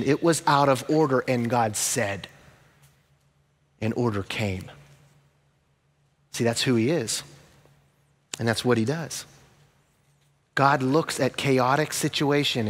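A middle-aged man preaching a sermon as pastor, telling a story with lively ups and hushed, slow emphasis. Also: mid-range voice, long reverb tail.

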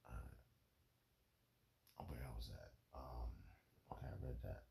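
A man in a rambling spiritual monologue, emotional and halting, peppering his talk with "man" and "bro". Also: very deep voice, gravelly, background noise. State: emotional, holding back tears.

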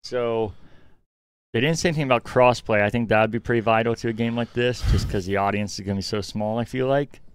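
A man co-hosting a casual gaming podcast, talking in an excitable, chatty way with lots of "like" fillers. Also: mid-range voice, fast talker, clear, resonant tone. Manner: chatty, excitable gamer talk with frequent "like" fillers. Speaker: podcast co-host. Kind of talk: casual chat.

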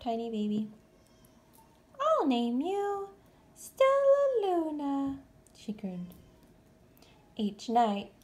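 Woman storyteller, fairly high voice, slow and very animated delivery; picture-book read-aloud. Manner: expressive, unhurried storytelling with lively swings. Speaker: storybook reader.

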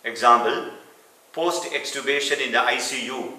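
A man's voice: medium pitch, normal speed, pushed and bright. A man teaching a clinical lecture, explaining step by step and repeating key terms. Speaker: medical teacher. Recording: echoey room, mic at a distance.

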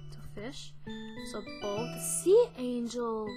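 High-voiced jumpy woman gamer, swearing. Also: lively intonation, slow pace. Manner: jumpy, swears often, yelps when startled. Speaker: let's-play gamer. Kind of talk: casual gameplay commentary. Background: game music.

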